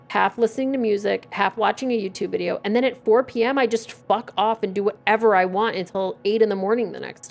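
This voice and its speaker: A woman in her forties streaming a game, chatting casually with a profane, wry manner. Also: mid-range voice. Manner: profane, wry, reading game text aloud. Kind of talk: casual gameplay commentary.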